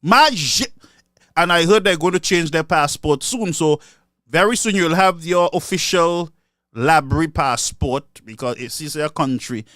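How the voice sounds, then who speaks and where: A man's voice: a little high, measured pace, fairly bright tone, dry recording, clean studio sound. A man with a Saint Lucian accent giving a mocking political commentary monologue, switching between English and Creole. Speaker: online commentator.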